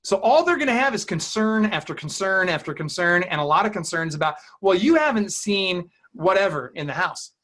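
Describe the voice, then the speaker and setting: A man's voice: high-pitched, lively intonation, a little fast, hardly any pauses, a bit bright. A man coaching real estate agents in an interview, talking emphatically and acting out client dialogue.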